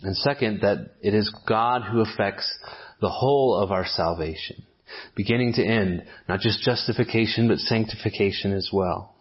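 A man preaching an expository sermon at a measured pace, often restarting with fillers as he explains a passage. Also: on the low side, husky, highs cut off. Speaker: pastor.

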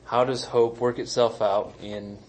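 A man's voice: medium pitch, level tone, a little slow, a little mellow, a little hiss or hum, poor audio. A man, a pastor, preaching a sermon in a conversational, emphatic way with self-deprecating asides. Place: church sanctuary.

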